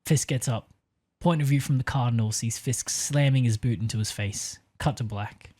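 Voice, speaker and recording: A man co-hosting a casual podcast, pitching a story with many hesitant fillers and easy laughs. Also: normal speed, mellow.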